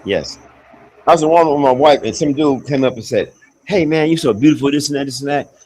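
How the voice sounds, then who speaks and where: A man's voice: medium pitch, quick pace, a little mellow, a little hiss or hum, rough recording. A man chatting casually as an expat, blunt and profane, rambling with many restarts. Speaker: expat talking on a livestream call. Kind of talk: casual chat. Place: abroad, with faint outdoor sounds behind.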